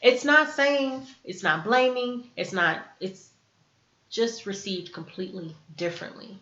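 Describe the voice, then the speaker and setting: A woman's voice: on the high side, expressive, a little slow, sharp tone. A woman hosting a self-help lesson, talking earnestly to the camera and acting out sample dialogues. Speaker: self-help video host. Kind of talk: teaching talk to camera. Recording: echoey room, dull lo-fi sound.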